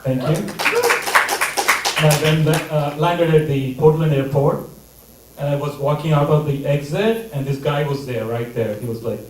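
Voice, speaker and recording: A man performing stand-up with a dry, mock-serious delivery, his voice sitting a little high. He is picked up from a distance in an echoey room, with loud background noise. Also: normal speed. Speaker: stand-up comedian. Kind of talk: stand-up comedy set. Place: comedy theater stage. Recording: echoey theater mic from a distance.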